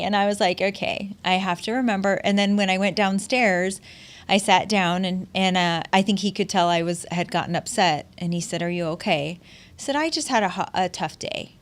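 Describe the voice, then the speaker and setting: A middle-aged woman hosting a podcast, telling personal stories in an emotional, heartfelt way with frequent laughs and restarts. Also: medium pitch. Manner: emotional storytelling, laughs often, many restarts. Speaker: podcast host. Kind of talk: casual heartfelt conversation.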